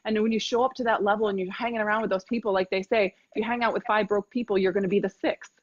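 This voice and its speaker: A woman's voice: mid-range voice, steady tone, fast talker, no echo, highs cut off. A woman business coach giving a blunt, emphatic pep talk, swearing freely, over a video call. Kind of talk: motivational interview talk.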